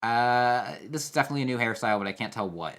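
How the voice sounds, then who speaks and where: A man's voice: medium pitch, animated, quick pace, a bit bright, a little hiss or hum. Rambling young man reacting casually. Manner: rambling, thinks aloud with fillers and restarts. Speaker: competitive player reacting to a trailer. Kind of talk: casual video commentary.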